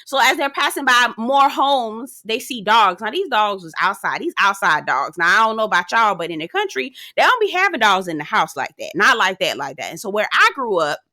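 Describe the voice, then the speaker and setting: A woman's voice: medium pitch, very animated, brisk, few pauses, sharp tone, no room sound, clean studio sound. A woman giving a sassy, profanity-laced casual recap of a TV show, laughing often as she talks. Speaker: TV recap reviewer. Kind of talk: casual commentary.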